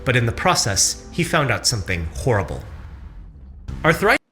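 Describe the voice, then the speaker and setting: A man reading scripted documentary narration about a medical case, measured and dramatic. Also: medium pitch, very animated, bright, forceful tone. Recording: narration played from a video, with background music.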